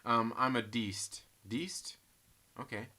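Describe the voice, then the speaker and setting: A man's voice: mid-range voice, slow pace, bright, forceful tone. A man hosting a casual live stream, telling rambling stories full of swearing and frequent laughter, and reading chat comments aloud.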